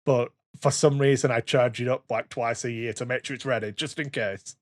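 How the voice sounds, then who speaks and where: A man's voice: medium pitch, steady tone, fairly quick, dry recording. Man, thirties, podcast co-host, rambling, swears a lot, dry sound. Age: 30s. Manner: rambling storyteller, swears freely. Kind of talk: casual chat.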